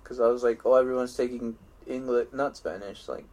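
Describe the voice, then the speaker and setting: A man's voice: mid-range voice, fairly even intonation, fairly quick, a little mellow. A young man co-hosting a casual podcast, telling school stories in a rambling way, with many restarts and swearing, and laughing at his own tales. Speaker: podcast co-host. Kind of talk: casual chat.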